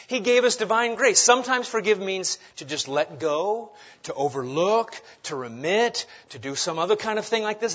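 A man preaching a sermon, asking rhetorical questions and swinging between loud emphatic lines and quiet asides. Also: on the high side, lively intonation, moderate pace, husky, lo-fi sound. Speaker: pastor.

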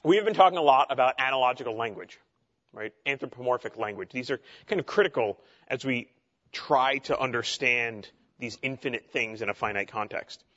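A man leads a theology class in a relaxed, conversational way, full of asides and fillers. His voice sits at a middle pitch, and the recording sounds slightly dull and lo-fi. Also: a little fast. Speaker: teacher.

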